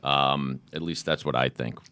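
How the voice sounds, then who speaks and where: A man's voice: very deep voice, steady tone, moderate pace, sharp tone, smooth, dry recording. A man with a Boston accent hosting a podcast in casual, joking chat, rambling and swearing freely. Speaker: podcast host.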